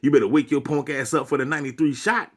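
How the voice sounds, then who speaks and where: A man's voice: a little high, steady tone, quick pace. A man delivering a preachy, profanity-laced rant to his viewers as a vlogger. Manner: preachy, swearing, lecturing.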